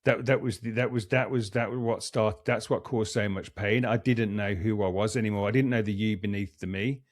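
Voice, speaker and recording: A man's voice: on the low side, steady tone, brisk, no room sound, clean studio sound. A middle-aged man, a coach and performance psychologist, reflecting earnestly as a podcast guest and often restarting his sentences. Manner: earnest, restarts and repeats words while thinking. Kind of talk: reflective conversational explaining.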